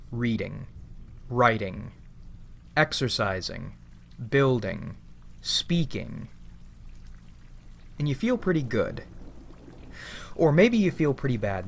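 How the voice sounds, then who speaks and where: A man's voice: mid-range voice, creaky. A man giving a rambling, reflective monologue, casually swearing and calling his listeners "boys". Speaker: channel host.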